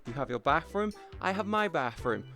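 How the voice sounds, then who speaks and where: Chatty British streamer, fairly high voice. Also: male voice, big pitch swings, moderate pace, gravelly, bright, forceful tone, faint music behind. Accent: British English. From Britain. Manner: rambling, chatty, swears casually. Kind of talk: casual live-stream chat.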